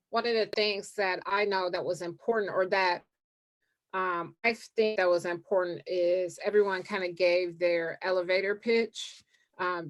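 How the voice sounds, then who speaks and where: A woman hosting a casual interview, a realtor asking measured, thoughtful questions. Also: lowish voice, fairly bright tone. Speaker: host, realtor.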